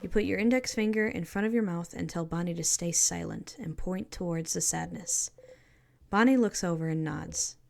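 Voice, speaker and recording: A woman calmly reading a video game's narration aloud in a soft voice. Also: lowish voice, moderate pace, creaky. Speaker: let's play narrator.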